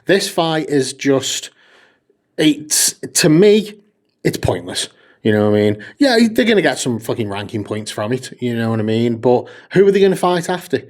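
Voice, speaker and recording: Sweary podcast bloke rambling about football and boxing, voice jumps all over, lots of ums and laughs. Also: male voice, mid-range voice, very animated, normal speed. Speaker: podcast co-host. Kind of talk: casual chat.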